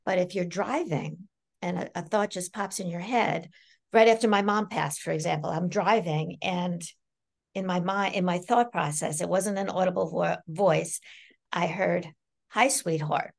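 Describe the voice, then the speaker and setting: A middle-aged woman talking as a psychic medium guest in a casual podcast interview, animated and laughing often as she acts out quoted voices. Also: fairly low pitch, moderate pace, gravelly.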